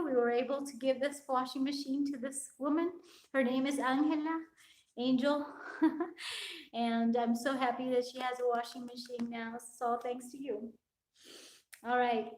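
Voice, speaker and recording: Effusive high-voiced woman live-streaming. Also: a little mellow. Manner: effusive, grateful, chatty. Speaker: fitness coach. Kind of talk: live-stream chat with viewers. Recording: echoey room.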